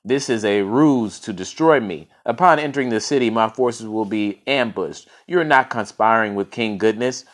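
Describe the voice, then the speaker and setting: A man voicing a suspicious, blustering king in a storybook reading, with an accusing, forceful manner. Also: lowish voice, normal speed, hardly any pauses, natural voice.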